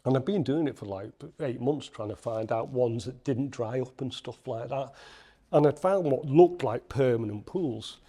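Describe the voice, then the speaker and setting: Animated Liverpool man telling a story. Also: mid-range voice, moderate pace, husky. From Liverpool, England. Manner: animated anecdote-telling with acted quotes and laughs. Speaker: podcast guest. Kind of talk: storytelling in casual interview.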